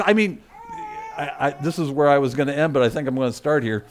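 In this sermon the pastor's voice is a little high and his pace moderate. Emphatic lists pile up in repetition, and he shifts from loud preaching into asides muttered to the congregation.

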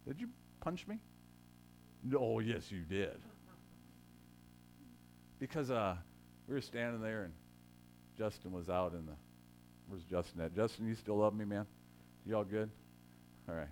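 A man's voice: fairly low pitch, animated, a little slow, pauses often, a little mellow, a little hiss or hum. A man preaching a sermon in a conversational way, joking with his congregation and rising to emphatic quotes. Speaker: pastor.

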